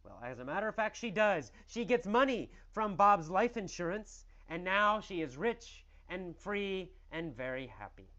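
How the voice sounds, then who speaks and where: A man's voice: sits high, very animated, measured pace, hardly any pauses, pushed and bright, lo-fi sound. A man teaching English through a story, asking questions and answering them himself with exaggerated emphasis.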